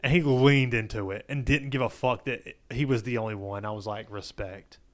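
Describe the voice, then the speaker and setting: A man's voice: mid-range voice, steady tone, brisk. A man co-hosting a casual podcast, laid-back, chiming in with short reactions and jokes. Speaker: podcast co-host. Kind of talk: casual chat.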